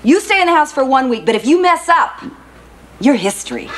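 A woman's voice: high voice, big pitch swings, a little fast, background noise. An actress playing a middle-aged sitcom wife and mother who lays down the law in a firm, dry way. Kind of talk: 1980s sitcom acting. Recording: studio audience laughter track.

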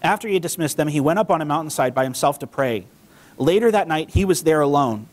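Man, high voice, pastor, relaxed chatty sermon, acts out the quotes. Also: fast. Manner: conversational, acts out quotes with lively pitch. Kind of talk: casual sermon with scripture reading. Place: church sanctuary.

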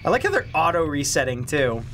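A young man giving casual commentary while he plays a video game. He gets excitable, talks to the characters on screen and repeats phrases. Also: fairly high pitch, a little fast, a little hiss or hum. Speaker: let's play host.

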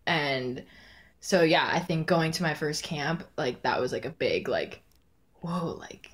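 A young woman in her twenties from the Bay Area, a podcast guest telling stories in casual chat, full of "like" fillers and quick laughs. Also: sits low, expressive, fairly bright tone. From San Francisco Bay Area, USA.

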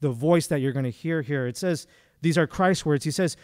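A man's voice: on the high side, a little fast, a little mellow, no echo. Conversational male guest preacher, dry sound. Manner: conversational, with many fillers and restarts. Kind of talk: sermon. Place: church.

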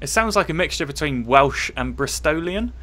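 A man co-hosting a live stream chat, telling stories in an animated way and laughing at himself. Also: fairly high pitch, moderate pace. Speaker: co-host.

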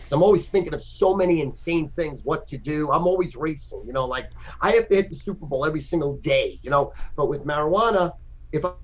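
A man in his sixties talking as a guest over a phone call, boisterous and profane, with sudden loud outbursts. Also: fairly high pitch, animated, fast talker. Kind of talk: casual podcast chat.

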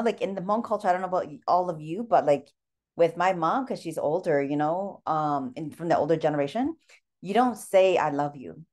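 Woman in her forties, slightly low voice, sincere and personal, book club talk. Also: darkish tone. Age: 40s. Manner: heartfelt, personal storytelling. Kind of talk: casual group discussion.

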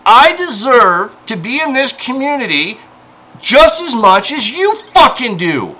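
A man's voice: very high-pitched, sing-song, measured pace, pushed and bright, poor audio. A man ranting about harassment in an exasperated, profane, pleading way, as an indie game developer. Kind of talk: angry personal rant.

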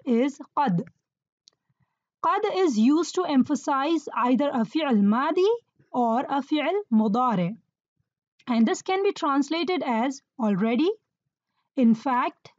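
Woman teaching arabic grammar, high voice, slow and explaining, asks "right?" a lot, kinda muffled dry sound. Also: darkish tone, no echo. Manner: measured, explanatory, checks in with "right?".

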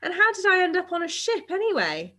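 A woman voicing a startled young boy who asks high, breathless questions. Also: wildly swooping pitch, fairly quick, bright, forceful tone, heavily acted. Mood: bewildered. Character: startled young boy, wide-eyed and bewildered.

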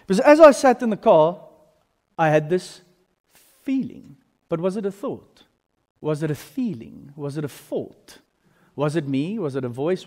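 A man in his thirties with a South African accent, preaching a sermon as pastor, telling stories animatedly and swinging between loud and hushed. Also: a little high. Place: large church hall. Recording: long reverb in a church hall.

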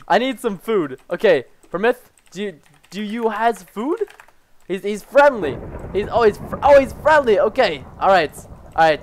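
With a high-pitched, unhurried voice, a man provides excited commentary on a game for his YouTube channel. He's excitable, alternating hushed asides with sudden loud yelps.

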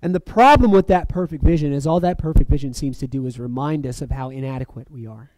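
A man preaching a reflective sermon, letting phrases fall soft and then lifting sharply for emphasis. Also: mid-range voice, fast, no room sound. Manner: reflective, with soft dropping phrase ends and sudden lifts.

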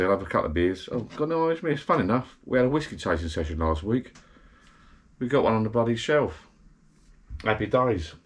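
Low-voiced rambling man. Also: breathy edge. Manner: rambling, digressive, chatty. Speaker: vlogger. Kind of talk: casual rambling chat. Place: backyard garden bar shed.

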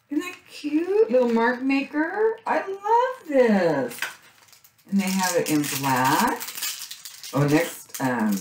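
Gushing low-voiced woman unboxing craft supplies. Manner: gushing, excitable, lots of gasps and "so cute". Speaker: craft vlogger unboxing a subscription box. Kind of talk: casual unboxing chat. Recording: echoey room with faint noise.

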